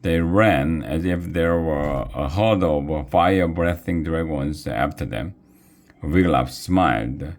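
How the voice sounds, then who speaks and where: A man reading a children's chapter book aloud in an expressive, deliberate way. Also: very deep voice. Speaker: reader. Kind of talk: storybook read-aloud narration.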